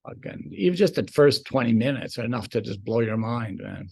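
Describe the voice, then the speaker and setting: A man who directs television, speaking as a guest in a halting way with many restarts and some swearing. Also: medium pitch, lively intonation, gravelly, darkish tone, slightly rough. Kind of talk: casual interview chat.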